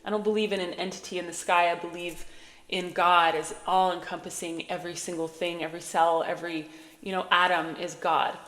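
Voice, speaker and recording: A woman's voice: fairly low pitch, flat delivery, a little fast, a bit bright. Woman speaking earnestly in an echoey room. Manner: earnest, conversational, reassuring, with fillers and asides. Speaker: spiritual channeler. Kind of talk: casual spiritual guidance monologue. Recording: echoey room with long reverb.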